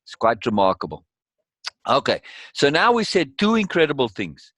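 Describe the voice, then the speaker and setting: A man's voice: mid-range voice, wildly swooping pitch, normal speed, fairly bright tone, dry recording. A man leading a course session in conversational teaching style, emphatic and repeating key words for weight.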